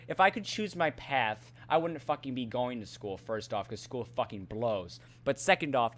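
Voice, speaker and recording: A man's voice: mid-range voice, expressive, normal speed, hardly any pauses, fairly bright tone. Profane, exasperated teen guy ranting. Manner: profane, exasperated, stammering restarts. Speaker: student venting on a vlog. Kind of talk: angry rant.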